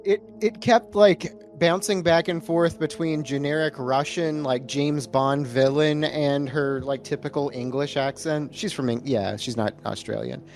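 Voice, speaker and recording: A man's voice: a little high, unhurried, few pauses, a little mellow, faint music behind. A man co-hosting a casual movie podcast, making dry, blunt remarks. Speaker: podcast co-host. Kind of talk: casual movie review chat.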